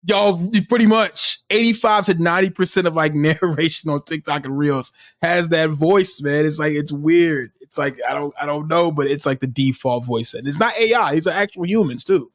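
Animated, laughing man on a dry mic. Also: on the high side, moderate pace, few pauses, no echo. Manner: animated storyteller, laughs often, leans on "like". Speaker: podcast co-host. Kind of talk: casual chat.

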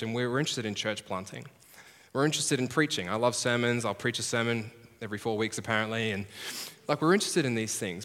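A man's voice: medium pitch, a bit bright. A man preaching a conversational, self-deprecating sermon as pastor, acting out the voices he quotes. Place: large heritage church hall. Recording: long hall reverb.

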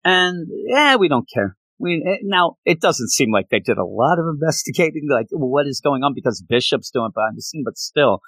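A man's voice: mid-range voice, a little fast, hardly any pauses, dry recording. Male podcast co-host, mid-range voice, eager and rambling delivery, dry booth. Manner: excited, rambling, many restarts. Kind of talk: casual chat about comics.

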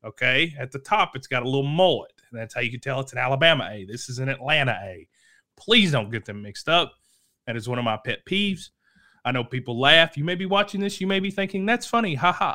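A man hosting a local high school sports show, talking casually and rambling, correcting himself and coughing now and then. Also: sharp tone. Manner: rambling, self-correcting, chatty. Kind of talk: casual sports talk to camera.

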